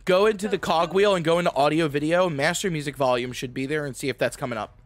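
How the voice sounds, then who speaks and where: A man's voice: fairly high pitch, quick pace. A man playing a tabletop game over voice chat, chatty and laughing as he talks about his character. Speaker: player.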